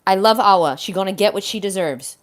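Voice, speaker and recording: A woman's voice: medium pitch, a little fast. A woman hosting a livestream, answering a viewer comment in a blunt, heated, swearing rant. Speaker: livestream host.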